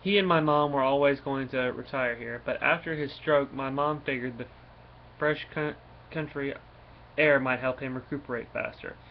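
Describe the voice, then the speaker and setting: A man's voice: medium pitch, fairly even intonation, moderate pace, creaky, close to an everyday voice. A man reading aloud the lines of an apologetic young woman hosting friends, in a plain everyday voice, on a dull lo-fi recording with faint noise. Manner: plain read-aloud delivery.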